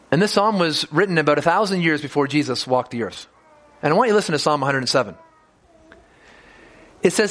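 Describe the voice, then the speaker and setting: High-voiced man preaching a sermon. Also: a bit bright. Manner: earnest preaching with repeated words and restarts. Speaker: pastor.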